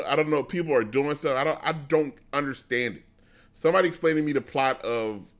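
A man's voice: medium pitch, a bit bright. A man streaming live, chatting casually with his viewers in a rambling, blunt way with lots of restarts. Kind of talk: casual rambling chat to an audience.

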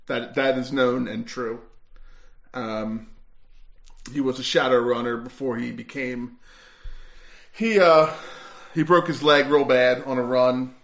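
A man's voice: medium pitch, fairly even intonation, takes it slowly, gravelly, pauses often, a bit bright. A man playing a tabletop game, describing his character's moves in a meandering way full of fillers. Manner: meandering, filler-heavy, chuckling. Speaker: player. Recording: roomy echo.

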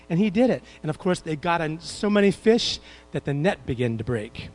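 A man's voice: a little high, animated, darkish tone, soft background music. A man preaching a sermon, drawing the congregation into repeating verses and adding light humorous asides. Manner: quotes King James scripture with slow emphasis.

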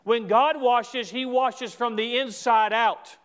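High-pitched guy preaching, emphatic, keeps restarting and then belts it out. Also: steady tone, slow, clear, resonant tone. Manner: emphatic preaching with repeated restarts, rising to shouts. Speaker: pastor. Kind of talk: sermon.

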